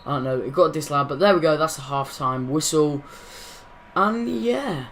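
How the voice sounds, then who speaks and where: A man's voice: a little high, steady tone, fast talker, fairly bright tone, slight background noise. A young man hosting his gaming channel, casually commenting over football game footage, rambling and correcting his own slips.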